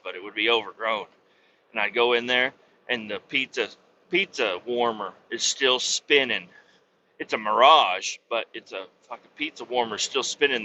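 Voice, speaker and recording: A man's voice: mid-range voice, sharp tone, dull audio, a little hiss or hum. Joking, profane man rambling while driving. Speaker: podcast host. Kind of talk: casual rambling monologue. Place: truck cab while driving.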